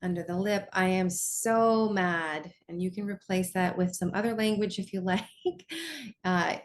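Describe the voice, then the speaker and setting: A woman's voice: lowish voice, steady tone, slight background noise. A woman coach leading a guided lesson in a conversational way, often checking in with her listeners. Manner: slows down to guide tapping.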